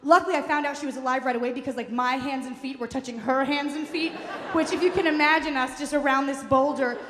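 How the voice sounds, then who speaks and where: A woman telling a comic personal story on stage, fast, wry and profane, recorded in a live venue hall. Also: sits high, steady tone. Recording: echoey hall, faint room noise.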